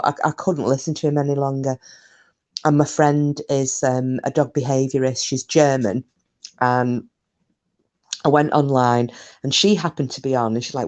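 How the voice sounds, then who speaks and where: A woman's voice: extremely low pitch, unhurried, a little mellow. A woman chatting casually on a live stream, rambling through stories, answering comments and swearing mildly.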